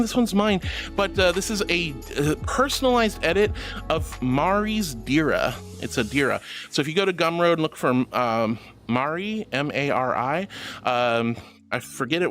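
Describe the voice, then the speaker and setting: A VTuber streamer with a slightly deep voice for a woman chats live with her viewers, bubbly and affectionate. She calls them sweetie and honey, giggles a lot, and tosses in playful asides.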